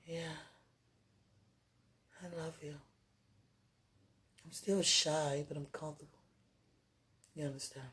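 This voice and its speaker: A woman with a husky, breathy voice speaks tenderly to someone she loves, halting and trailing off into murmurs. Her talk is intimate and prayerful, soft and unguarded. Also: sits low. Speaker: partner speaking to a loved one. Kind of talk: intimate emotional monologue with prayer.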